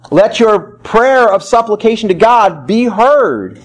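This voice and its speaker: High-voiced pastor preaching with fervor. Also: male voice, very animated, slow. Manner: swings from loud emphatic cries to low quiet asides. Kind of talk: sermon.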